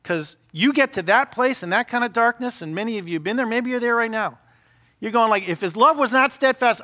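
A senior pastor in middle age, speaking with a high voice, preaches in an animated, conversational manner and keeps asking rhetorical questions.

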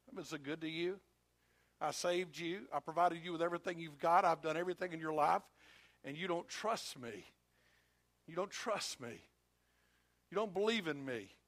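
A man's voice: a little high, a little fast, few pauses, fairly bright tone, no echo, voice pushed down. A preacher voicing God as a fed-up father. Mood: hurt. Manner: pleading, repetitive, emphatic.

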